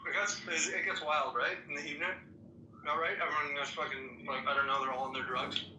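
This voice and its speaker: Male chat voice, slightly high and very bright, rambling, distant and roomy. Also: steady tone, fairly quick. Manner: rambling, full of fillers and restarts. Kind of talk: casual chat. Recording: distant, echoey with faint noise.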